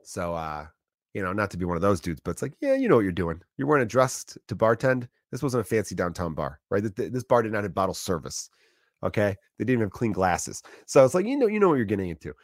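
A man in his thirties talking in a loose, rambling monologue, telling animated stories with restarts and swearing. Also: fairly low pitch, fast, no echo, studio quality.

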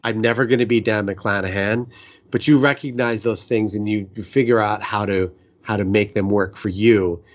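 A man's voice: fairly low pitch, fairly even intonation, normal speed. A middle-aged man from the New York area hosting an interview, eager and repeating words as he starts a sentence. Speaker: podcast host interviewing a photographer. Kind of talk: conversational interview. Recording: dull lo-fi sound.

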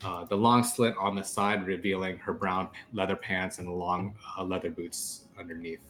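A man's voice: deep voice, little pitch movement, normal speed, fairly bright tone, soft background music. A man narrating as game master of a tabletop game, descriptive and loose, with many fillers.

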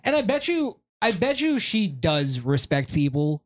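A man's voice: high voice, unhurried. A man hosting a podcast in casual chat, ranting with lots of swearing. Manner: animated, profane ranting. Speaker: podcast host.

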